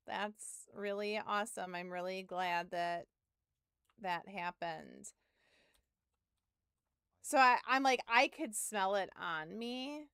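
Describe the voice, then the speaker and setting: A woman's voice: medium pitch, gravelly, a bit bright, clear, resonant tone, dry recording, studio quality. A woman streamer rambling through a story to her chat in casual talk, with lots of filler and some swearing. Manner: rambling, full of "like", swearing, self-mocking.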